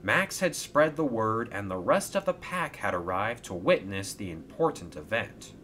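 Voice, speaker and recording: A man narrating a storybook in a slightly low, bright voice. He reads slowly with lively rises and falls. A faint noise sits under the recording. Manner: slow, expressive storytelling.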